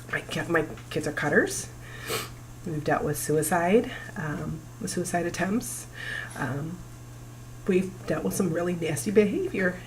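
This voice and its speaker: A woman in her forties talking to camera about her family's past, emotional and halting, pausing often. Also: fairly low pitch, slight background noise, poor audio. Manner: emotional, halting, breaks down at times. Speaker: vlogger. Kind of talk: personal talk to camera.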